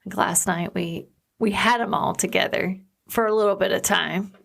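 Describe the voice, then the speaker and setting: A woman's voice: mid-range voice, steady tone, normal speed, creaky, fairly bright tone. A woman co-hosting a podcast, speaking in an earnest, reflective way and often searching for her words. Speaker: podcast co-host. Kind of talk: casual chat.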